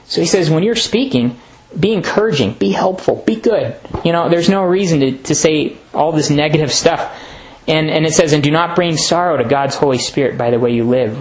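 Earnest young male preacher, fairly high voice. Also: rough recording. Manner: earnest, conversational, laughs often. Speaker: pastor at a men's retreat. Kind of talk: sermon talk.

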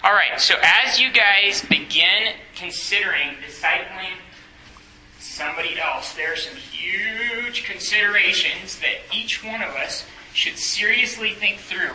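A man's voice: high-pitched, measured pace, bright, forceful tone, reverberant, slight background noise, poor audio. A young man on a campus ministry staff, teaching a Bible study in a conversational way, asking the group questions and joking.

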